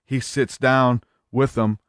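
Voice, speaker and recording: A man's voice: medium pitch, little pitch movement, slow, a bit bright, clear, resonant tone, no echo. Man rambling on a dry podcast mic. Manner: rambling, with many fillers and restarts. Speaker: podcast guest. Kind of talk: casual storytelling chat.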